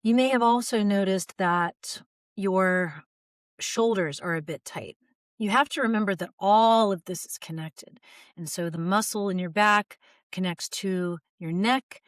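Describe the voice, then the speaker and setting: A woman in her forties speaking as a voice teacher in an instructional video. Her delivery is calm and gently guiding. The sound is close and dry, with no room echo. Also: medium pitch, measured pace.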